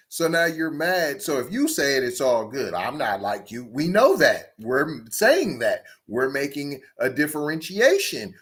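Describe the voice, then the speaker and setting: Animated man firing rhetorical questions. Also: a little high, breathy edge. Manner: confrontational, rapid rhetorical questions. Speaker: podcast host. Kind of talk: reaction commentary.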